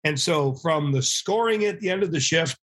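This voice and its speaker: A middle-aged man, a former hockey goalie, telling animated anecdotes as a podcast guest and acting out quoted voices. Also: fairly high pitch, normal speed, breathy edge. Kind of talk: casual storytelling interview.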